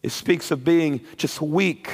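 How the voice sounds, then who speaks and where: Man, preacher, fervent sermon, high voice, long reverb. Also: slow pace. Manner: impassioned, builds to shouted high peaks, repeats words. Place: church or camp meeting hall.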